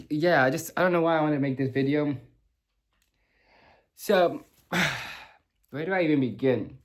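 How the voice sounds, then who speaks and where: A young man giving an emotional, rambling review of a TV finale, full of fillers, restarts and swearing. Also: fairly high pitch. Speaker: vlogger reviewing a TV show. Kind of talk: casual rambling reaction review.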